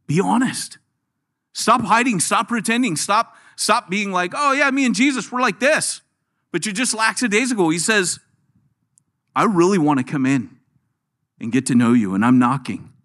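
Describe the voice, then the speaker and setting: Animated high-voiced male preacher. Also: moderate pace. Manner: animated preaching, voice dropping low and soft for quoted lines. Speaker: pastor. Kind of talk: sermon.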